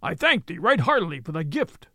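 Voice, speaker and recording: A man's voice: fairly high pitch, very animated, a little fast, vocal fry, bright, forceful tone, no echo, studio quality, exaggerated voice. A man voicing a cunning outlaw who fakes a harsh voice. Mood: scheming.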